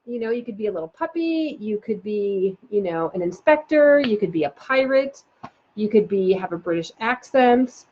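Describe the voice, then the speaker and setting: A woman parenting coach giving a live online talk, animated and chatty with many fillers. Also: mid-range voice, normal speed, a little hiss or hum. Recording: dull lo-fi sound.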